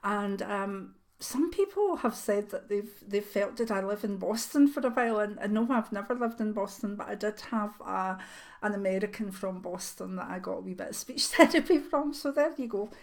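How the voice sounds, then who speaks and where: A woman with a soft South Lanarkshire Scottish accent, chatting casually as host of her own channel, with many ums and light laughs. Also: medium pitch, animated, normal speed. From Scotland.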